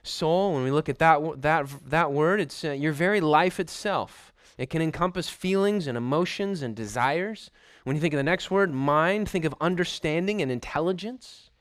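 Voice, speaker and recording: A man preaching with an emphatic, deliberate delivery, driving home points through repetition. His voice sits a bit high and comes through smooth and clear. The sound is dry and close, with no room echo. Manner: emphatic, repeats phrases for stress. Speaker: pastor. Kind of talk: sermon.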